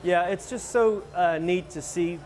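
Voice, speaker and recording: A man's voice: sits high, unhurried, a little mellow. A man volunteer speaking casually and cheerfully in an interview. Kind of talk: interview soundbite.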